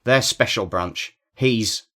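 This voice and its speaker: A man reading the lines of a frightened, shivering young woman held at gunpoint, in a quiet, halting way. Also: on the low side.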